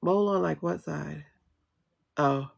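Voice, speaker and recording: A woman's voice: low voice, slow pace, creaky, dull audio. A woman hosting a casual livestream tarot chat, asking questions aloud and answering them herself in a slangy, familiar way. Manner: slangy and familiar, calls viewers child, girl, boo. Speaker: livestream host reading tarot.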